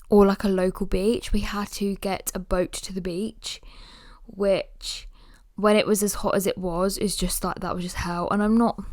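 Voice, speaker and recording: A woman's voice: mid-range voice, dry recording, studio quality. Tired, chatty young woman. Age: early 20s. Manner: chatty, rambling, lots of "like" fillers. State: tired and yawning. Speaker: podcast host. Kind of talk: casual solo podcast chat.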